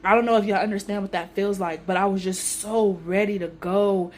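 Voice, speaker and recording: A young woman telling a personal story on her vlog in a casual, emotional, animated way with everyday slang. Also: mid-range voice, a little fast. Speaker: vlogger.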